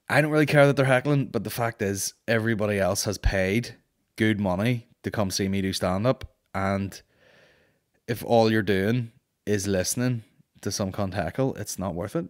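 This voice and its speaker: A Northern Irish man hosting a comedy podcast, reading listener questions and telling stories in a blunt, sweary, animated way. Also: on the low side. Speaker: podcast host and stand-up comedian.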